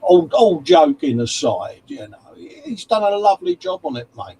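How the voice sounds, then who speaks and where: A man's voice: high-pitched, sing-song, normal speed, dark tone, a little hiss or hum, low-quality recording. A man co-hosting a casual livestream chat, reading out viewer comments and calling everyone mate. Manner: chatty, calls everyone mate. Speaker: livestream co-host.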